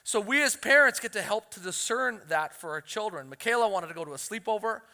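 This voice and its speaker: A man preaching a sermon as a pastor, telling family stories in an animated way and acting out the quotes. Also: high-pitched, brisk. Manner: animated storytelling, acts out quotes. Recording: long hall reverb.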